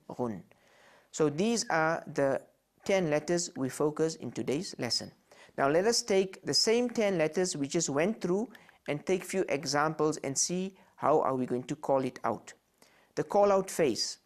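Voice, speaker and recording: A man teaching Quran reading, sounding out each letter and syllable slowly and repeating them for learners. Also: fairly high pitch. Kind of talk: slow instructional recitation of letter sounds.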